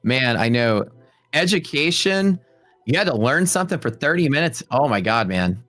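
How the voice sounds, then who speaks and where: On his trading livestream, a young adult host talks fairly quickly in a medium-pitched voice, the recording dry. He jokes around with viewers and the live chat, telling animated stories and putting on playful voices for quotes.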